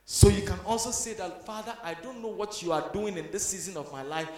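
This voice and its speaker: A man preaching a sermon, moving from hushed passages up to shouted emphasis. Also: high-pitched, fairly quick, roomy sound.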